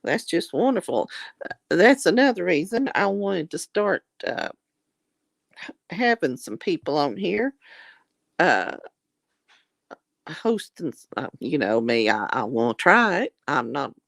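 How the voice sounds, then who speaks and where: A middle-aged woman hosts a homey livestream, reading comments and answering with "honey" and "darling." Her voice sits low and gravelly but swings widely in pitch. It is recorded dry and close, with no room around it. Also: sing-song, unhurried, long pauses, no echo. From Southern US. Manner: warm, affectionate, calls viewers honey and darling. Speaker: livestream host. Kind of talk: casual chat reading viewer comments.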